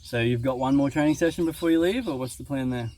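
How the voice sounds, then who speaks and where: A man's voice: medium pitch, fast talker, a little mellow, slight background noise. Casual Australian male host, easygoing and teasing, mid-range voice, recorded outdoors by a lake. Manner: joking, easygoing, frequent ums. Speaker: interviewer and waterski coach. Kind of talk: casual interview. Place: outdoors by a lake on a sunny day. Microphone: video camera on site.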